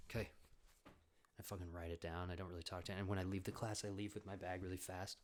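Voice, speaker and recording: A man's voice: low voice, level tone, racing. A young man in his twenties hosting a podcast, telling a rambling story in casual chat, swearing often. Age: 20s. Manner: rambling, swears often, acts out quoted voices. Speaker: podcast host.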